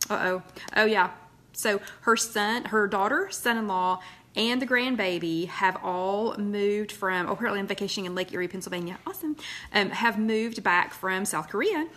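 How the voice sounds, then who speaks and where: A woman's voice: mid-range voice, normal speed, fairly bright tone. Chatty woman greeting viewers. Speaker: host of a live weight-loss chat. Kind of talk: casual live-stream chat. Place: loft at home.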